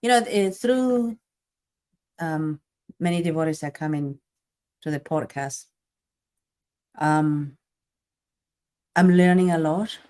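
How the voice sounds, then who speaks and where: A woman's voice: sits low, slow pace, long pauses, a little mellow. A woman hosting a podcast in casual chat, talking in a reflective, thoughtful way. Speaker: podcast host.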